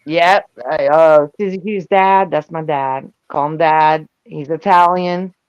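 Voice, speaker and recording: An older woman chatting on a live stream, loud, brash and profane, laughing often. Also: low voice, fairly even intonation, slow, smooth, no echo. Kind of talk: casual chat. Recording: dull lo-fi sound.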